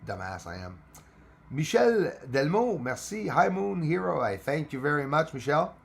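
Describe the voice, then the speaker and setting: His voice is fairly high and creaky, with big pitch swings and a moderate pace, as this Quebec-accented man hosts a casual livestream for a space channel. He chats with the audience, drops plenty of swear words, and switches between English and French.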